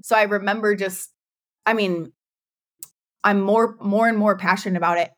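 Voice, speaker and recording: A woman's voice: mid-range voice, fairly even intonation, moderate pace. A woman in her thirties, a guest on a podcast, talking candidly about her business and laughing often. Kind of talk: casual interview chat.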